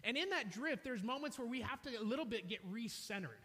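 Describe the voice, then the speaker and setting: Loud, high-voiced preacher in a hall. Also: male voice, a little fast. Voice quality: loud, energetic. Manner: animated storyteller, self-mocking humor. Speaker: pastor. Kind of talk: sermon with storytelling. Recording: reverberant hall.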